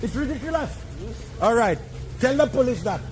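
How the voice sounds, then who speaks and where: A man in the street, exasperated and protesting loudly at police as the scene is filmed. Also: extremely high pitch, lively intonation, normal speed, a little hiss or hum. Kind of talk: heated street argument. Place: outdoors on a street. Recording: crowd around him in the street.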